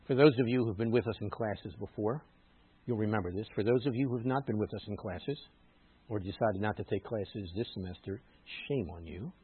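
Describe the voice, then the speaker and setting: Rabbi delivering a sermon, slightly husky, emphatic swells, tinny phone-like sound. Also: male voice, on the low side, fairly quick, dry recording. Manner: emphatic, rises loud on scripture quotes, teacherly asides.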